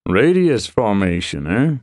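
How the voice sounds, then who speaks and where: A man voicing a booming, burly male warrior in a fantasy audiobook. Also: sing-song, measured pace, darkish tone, dry recording, clean studio sound. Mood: booming, gruff.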